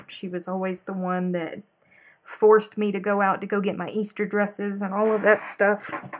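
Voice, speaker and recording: Chatty woman telling stories. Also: medium pitch. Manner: chatty, animated storytelling, addresses viewers directly. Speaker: crochet live stream host. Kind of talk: casual live chat while crocheting.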